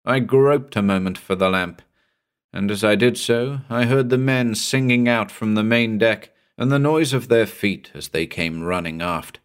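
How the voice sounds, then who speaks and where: A man reading a horror story aloud in a measured, dramatic storytelling manner. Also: fairly low pitch, clear, resonant tone. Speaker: audiobook narrator.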